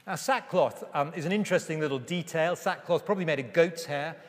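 A man preaching a sermon with emphasis, slowing down to read scripture aloud. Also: fairly high pitch. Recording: reverberant hall.

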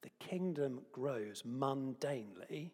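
A man preaching a lively sermon with playful asides and props in a church. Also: medium pitch, slow, breathy edge. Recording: long hall reverb.

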